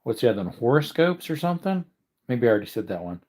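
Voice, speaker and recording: Lively rambling man chatting at home. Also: mid-range voice, fast talker. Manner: chatty, wanders between topics, talks to his dogs. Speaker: vlogger. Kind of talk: rambling casual chat to camera.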